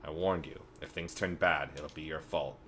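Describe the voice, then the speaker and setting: A man reading aloud the lines of a gruff, rich older factory boss in a game. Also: a bass voice, steady tone, normal speed, a bit bright, a little hiss or hum. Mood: dismissive. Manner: reads game dialogue aloud, dismissive.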